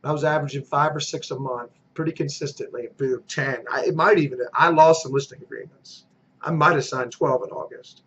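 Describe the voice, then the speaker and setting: A man's voice: on the high side, a little fast, fairly bright tone, breathy edge, dull audio. A man giving a motivational sales coaching talk. He is emphatic, repeats his key phrases and acts out short role-play exchanges. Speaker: real estate team recruiter.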